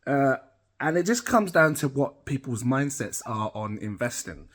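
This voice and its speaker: A man's voice: medium pitch, expressive, measured pace. A middle-aged British man rambling casually to camera as a crypto channel host, chatty and self-amused. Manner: rambling, chatty, laughs at himself.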